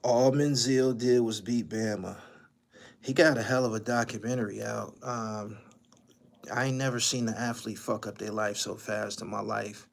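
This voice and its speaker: A man's voice: lowish voice, steady tone, moderate pace, gravelly. A man hosting a livestream, giving profane, ranting commentary and repeating his lines for emphasis. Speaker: channel host.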